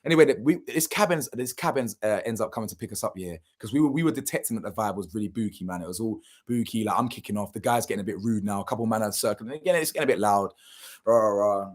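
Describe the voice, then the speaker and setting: A man's voice: lowish voice, fast talker. A young man, telling a story casually and animatedly, full of slang and swearing, acting out what people said. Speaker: channel host.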